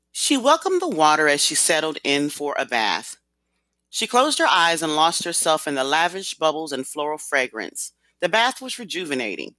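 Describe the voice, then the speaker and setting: An audiobook narrator reading a novel with expressive storytelling. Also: mid-range voice, no echo. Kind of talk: scripted narration.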